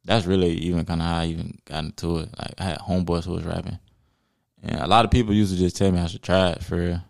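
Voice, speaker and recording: A raspy young man, a hip hop artist, talking in a relaxed, rambling way with plenty of fillers in a casual podcast interview. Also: low voice, fast talker, no echo, studio quality.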